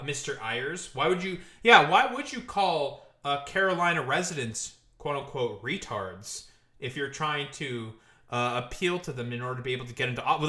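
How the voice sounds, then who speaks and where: A man hosting a live stream, mocking and cursing his way through a rant. His voice rings bright and slightly high, and the room gives it a noticeable echo. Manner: mocking, profane, laughs a lot.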